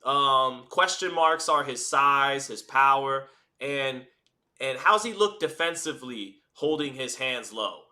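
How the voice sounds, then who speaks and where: Bright-voiced male boxing commentator. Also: mid-range voice, takes it slowly. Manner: energetic, chatty, frequent restarts. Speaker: boxing commentator and stream host. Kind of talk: live round-by-round fight commentary.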